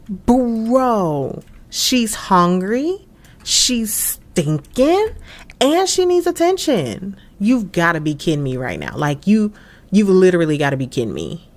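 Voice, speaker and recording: A young woman hosts a casual gameplay commentary, talking straight to her viewers with plenty of exclamations. Her intonation swings widely while her pace stays relaxed and unhurried. She sounds expressive and quick to react. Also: fairly high pitch. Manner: frequent laughs. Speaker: gaming channel host.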